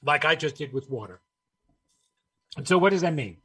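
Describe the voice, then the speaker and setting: A man's voice: a little high, animated, moderate pace, a bit bright, breathy edge. A man giving a motivational talk, emphatic and rhetorical, repeating his key phrases and asking the listener questions. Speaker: speaker on New Year's resolutions.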